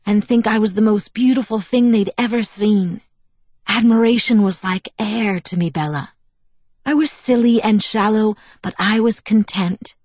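In an audiobook, a woman voices a proud, bitter young vampire woman recounting her past in a wistful, self-mocking way. Her mid-range voice is a little mellow, with fairly even intonation and normal speed, close to an everyday voice with no room sound.

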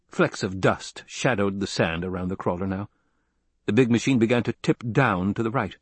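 Husky male audiobook narrator. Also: lowish voice, normal speed, no room sound. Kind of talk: scripted narration.

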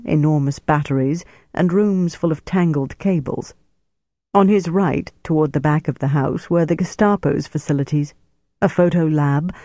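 Mellow man narrating an audiobook. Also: fairly high pitch, no room sound. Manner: measured, steady storytelling with deliberate pauses. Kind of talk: scripted narration.

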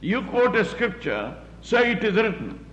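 A man's voice: sits high, very animated, a bit bright. Man preaching a sermon, echoey room. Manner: plain-spoken, repetitive, halting with fillers. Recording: roomy, muffled recording with faint background hum.

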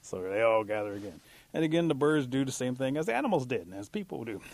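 A male storyteller telling an animal folktale aloud. His delivery is folksy and unhurried, and his voice sits mid-range. He jumps up in pitch for emphasis. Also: very animated, darkish tone, no room sound.

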